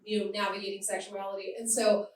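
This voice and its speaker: A woman's voice: mid-range voice, flat delivery, fast talker, a little mellow, recorded from a distance, a little hiss or hum. A woman from the Boston area doing candid, self-mocking stand-up comedy on a club stage, laughing often. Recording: roomy live club, heard from afar.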